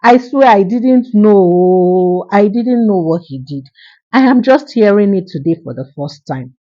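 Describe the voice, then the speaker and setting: A woman's voice: on the low side, sing-song, mellow, breathy edge, lo-fi sound. A woman voicing an older mother who begs imploringly on behalf of her son. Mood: begging. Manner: imploring, slow.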